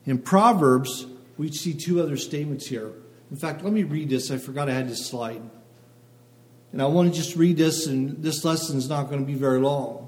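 Long hall reverb surrounds a pastor whose voice sits a little high with a darkish tone. Speaking to his congregation in short phrases, he reads scripture aloud and checks in with those listening.

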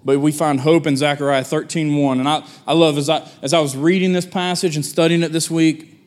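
Folksy pastor preaching conversationally. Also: male voice, fairly high pitch, fairly even intonation, a little fast, a little mellow. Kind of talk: sermon.

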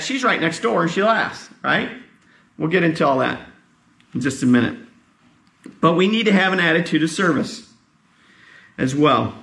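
Tired pastor with a gravelly voice. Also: male voice, a little high, a bit bright, echoey room. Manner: conversational, asks the congregation questions. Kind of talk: sermon.

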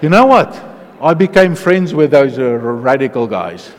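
A man preaching a testimony sermon, telling his story in an animated way, dropping to a hush and then rising to loud excitement. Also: mid-range voice, a little slow, slight background noise. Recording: long hall reverb.

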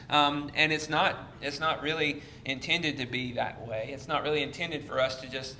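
A man's voice: fairly high pitch, moderate pace, few pauses, bright, forceful tone. A man teaching an evening Bible study in a conversational way, with many fillers and restarts. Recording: echoey room with faint noise.

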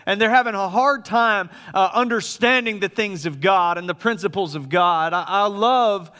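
A man's voice: sits high, moderate pace, bright, forceful tone, clean tone. A man, a lead pastor chatting and joking with his congregation before a sermon. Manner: chatty, joking, self-deprecating. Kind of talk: casual sermon announcements. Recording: long hall reverb.

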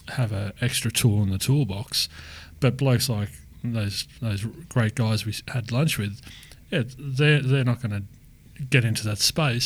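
A man who works as a lived experience practitioner, talking reflectively in casual conversation. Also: lowish voice. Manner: reflective, animated storytelling with restarts.

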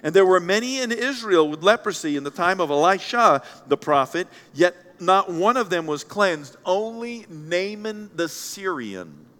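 Animated pastor preaching. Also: male voice, sits high, measured pace, few pauses. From Central Kentucky. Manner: animated, blunt, acts out voices of others. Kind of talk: sermon. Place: church sanctuary. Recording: long hall reverb.

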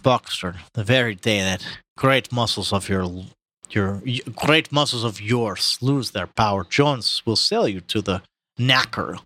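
A man's voice: measured pace, pushed and bright, dry recording. A man doing a grave old boar in a mock Russian accent. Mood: mournful. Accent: put-on Russian. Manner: booming speechmaking, slips out of character into laughter. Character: old male boar rallying farm animals, grave and fiery. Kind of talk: comic dramatic reading.

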